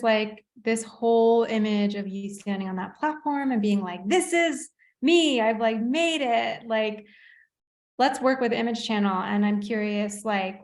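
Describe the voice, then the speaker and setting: A woman facilitating a somatic workshop, guiding a participant with gentle, slow prompts and frequent fillers. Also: mid-range voice, creaky. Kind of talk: guided coaching session.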